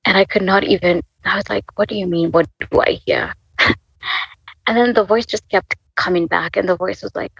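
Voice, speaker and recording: A woman in her twenties telling an emotional faith story as a podcast guest. She speaks haltingly, restarts often, and laughs through tears. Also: mid-range voice, steady tone, creaky, fairly bright tone, husky, no room sound, lo-fi sound. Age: 20s. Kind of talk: emotional personal testimony.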